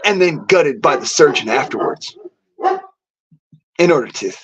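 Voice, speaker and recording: A man's voice: fairly high pitch, lively intonation, a little slow, heavy background noise. A man delivering a defiant, boastful rant to camera, swearing heavily. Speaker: vlogger. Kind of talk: profane angry rant. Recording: dull lo-fi audio.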